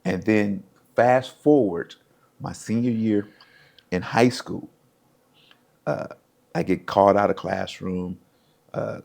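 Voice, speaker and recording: A man's voice: low voice, measured pace, vocal fry, husky. A middle-aged American man, a former pro football player, telling stories from his life and acting out the voices of the people in them. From United States. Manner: animated storyteller, acts out quoted voices. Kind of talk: casual storytelling.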